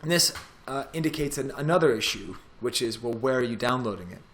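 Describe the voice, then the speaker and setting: A middle-aged man, a professor, walking through a software tutorial in a casual, chatty way as he clicks through the steps. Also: medium pitch, expressive, brisk. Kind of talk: screen-recorded tech tutorial.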